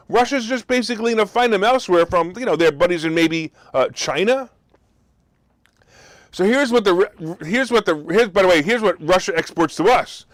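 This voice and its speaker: Sarcastic high-voiced man hosting a show. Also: no room sound. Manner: sarcastic, mocking, incredulous. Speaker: host. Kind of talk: opinionated market commentary monologue.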